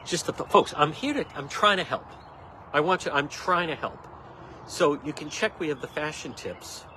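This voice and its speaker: A man's voice: fairly high pitch, expressive, moderate pace, bright, forceful tone, slight background noise. A man hosting a casual livestream, rambling and joking with an indignant edge. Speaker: livestream host.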